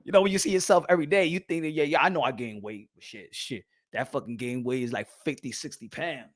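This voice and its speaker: A young adult man hosting a casual boxing live stream, slangy and animated, switching between English and Spanish. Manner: animated, with quick jumps to high excited bursts. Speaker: boxing channel host.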